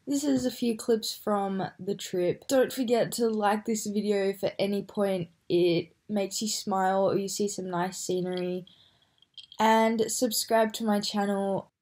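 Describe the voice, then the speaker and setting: A woman's voice: medium pitch, steady tone, measured pace, a little mellow. A young woman talking directly to her viewers in a chatty, rambling vlog intro. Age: young adult. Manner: chatty, rambling, self-correcting. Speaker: vlogger. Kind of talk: direct-to-camera vlog talk.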